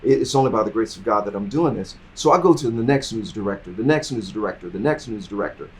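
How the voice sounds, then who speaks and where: A middle-aged man telling his career story in an interview, acting out the people in it and swinging from quiet asides to loud, excited bursts. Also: fast. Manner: animated, acts out dialogue, swings from low asides to loud bursts. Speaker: interview guest.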